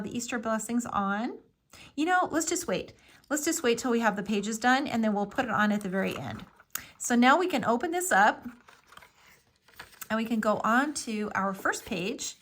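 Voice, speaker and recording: A woman's voice: on the high side, fairly bright tone. A woman giving a casual step-by-step craft tutorial, explaining each move with friendly fillers. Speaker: craft instructor.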